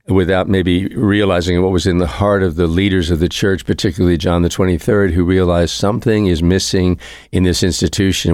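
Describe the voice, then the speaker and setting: A man with a very low, deep voice delivers a relaxed, conversational homily as a priest. He sounds reflective, circles back to repeat key phrases, and lets out an occasional soft chuckle. The sound is close and dry, with no room echo.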